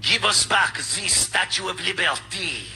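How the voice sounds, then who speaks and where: A man's voice: high-pitched, lively intonation, creaky, bright, forceful tone, husky, faint music behind, heavily acted, poor audio. A man putting on a haughty French politician. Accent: mock French. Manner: haughty, drawn-out, exaggerated. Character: pompous middle-aged male French politician. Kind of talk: mocking impression on a talk show.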